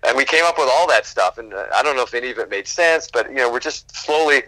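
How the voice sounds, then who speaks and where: A man, a guest actor, telling animated stories from film sets in a casual interview and acting out quotes, swearing freely. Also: medium pitch, quick pace, no room sound, rough recording.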